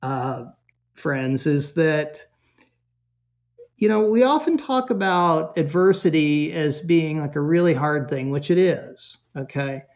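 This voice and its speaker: Animated male storyteller, slightly muffled. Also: on the high side, takes it slowly. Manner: animated storyteller with chuckles and voiced quotes. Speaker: guest, parenting expert. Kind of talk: storytelling in a podcast interview.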